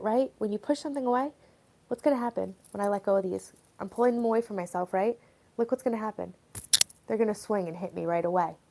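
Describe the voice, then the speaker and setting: This woman's voice sits at medium pitch and sounds a little mellow. Hosting a tapping live stream, she talks to her viewers in a rambling, sincere, filler-laden manner and cheers them on.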